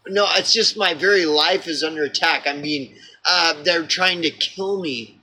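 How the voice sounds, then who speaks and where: Oklahoma man vlogging a rambling, exasperated rant; slightly high, tense and forceful. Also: measured pace, slight background noise, rough recording. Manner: exasperated, profane, full of fillers and restarts.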